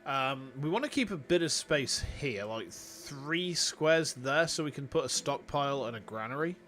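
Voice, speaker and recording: A man's voice: mid-range voice, lively intonation, normal speed, a bit bright, slight background noise. A young man with a Yorkshire accent, chatting casually to his viewers as he plays a city-building game. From Yorkshire, England. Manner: chatty, rambling, talks to chat. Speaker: VTuber streamer. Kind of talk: casual live game commentary.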